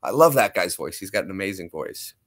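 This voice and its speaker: A man's voice: deep voice, lively intonation, brisk, fairly bright tone. A young man, a streamer, chatting casually with viewers and thanking them effusively. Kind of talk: casual livestream chat.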